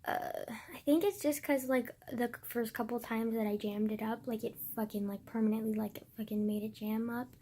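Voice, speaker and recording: A woman's voice: on the high side, steady tone, fairly quick, few pauses, mellow, a little hiss or hum. A young woman vlogging in a casual, rambling way, swearing often and sometimes dropping into a whisper.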